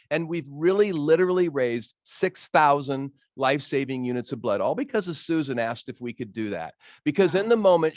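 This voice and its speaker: A man's voice: on the high side, no echo. Earnest storytelling man, dry sound. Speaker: roofing company owner, panel guest. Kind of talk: casual panel chat.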